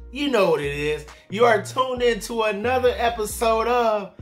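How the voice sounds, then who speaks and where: Laid-back man with a high voice. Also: moderate pace, hardly any pauses, soft background music. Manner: laid-back, repeats "man" and "y'all" often. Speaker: fragrance reviewer. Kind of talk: casual video review.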